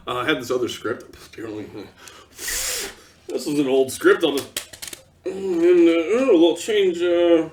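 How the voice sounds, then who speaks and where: A man's voice: fairly high pitch, huge pitch swings, unhurried, far from the mic, a little hiss or hum. A man delivering an exasperated, sarcastic ranting monologue as a vlogger.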